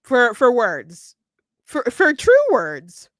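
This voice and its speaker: A woman's voice: on the high side, very animated, slow pace, fairly bright tone, dry recording, clean studio sound. A woman hosting a casual political commentary stream, chatty, with many restarts and frequent laughter. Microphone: close mic, streaming setup.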